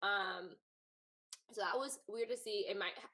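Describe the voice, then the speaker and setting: A woman's voice: medium pitch, unhurried, bright, forceful tone, rough recording. A woman co-hosting a casual live chat who recaps events in a rambling, conversational way. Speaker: co-host.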